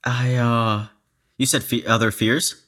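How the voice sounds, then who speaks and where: A man talking as a guest in a casual chat, hesitant and halting with fillers. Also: mid-range voice, little pitch movement, a bit bright.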